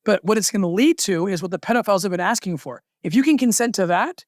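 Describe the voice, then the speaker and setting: Fast, impassioned man on a clip. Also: sits high, lively intonation, no echo, studio quality. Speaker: interview guest. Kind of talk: TV interview.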